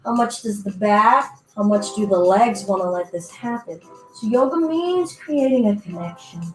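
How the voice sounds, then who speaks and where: A woman's voice: medium pitch, expressive, normal speed. A woman teaching a guided yoga class in a playful, chatty way, giving her breath and body little voices as she goes. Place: indoor room, virtual class. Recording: echoey room with faint music.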